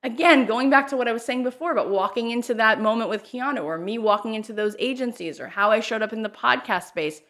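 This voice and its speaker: A woman's voice: a little high, fast, hardly any pauses. A woman guest on a podcast, talking candidly and animatedly about her career and the pressures of social media. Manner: animated, acts out quoted voices. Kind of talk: candid conversational storytelling.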